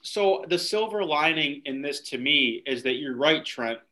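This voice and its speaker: A man's voice: on the high side, expressive, measured pace, crowd noise. A man on a sports podcast, talking in a loose, reflective way and filling his speech with casual fillers. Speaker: podcast co-host.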